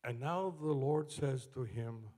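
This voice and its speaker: A man preaching a sermon to his church, moving from slow, low passages up to shouted climaxes.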